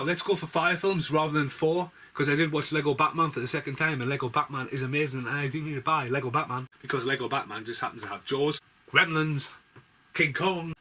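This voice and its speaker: A man's voice: medium pitch, sharp tone. A man reviewing movies in casual, rambling chat, swearing freely as he goes.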